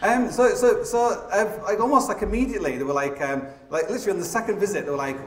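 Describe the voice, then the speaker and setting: Guy rattling off a comedy climbing talk, kinda high voice, echoey theatre from far off. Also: quick pace, slight background noise. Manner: rambling, self-mocking, full of fillers and restarts. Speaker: climber giving a stage talk. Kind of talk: comic live stage talk. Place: large theatre stage before a laughing audience. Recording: echoey live theatre sound from a distance.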